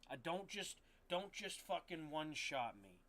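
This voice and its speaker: A man's voice: a little high, very animated, measured pace, pushed and bright. A man streaming a game, ranting to his chat in a rambling, frustrated way, swearing often and restarting his sentences. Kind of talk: casual rant to stream chat.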